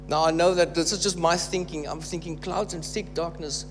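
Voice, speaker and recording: A man's voice: on the high side, fairly even intonation, normal speed, few pauses, soft background music. A man preaching a sermon, emphatic and repeating phrases for stress. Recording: reverberant hall with faint hum.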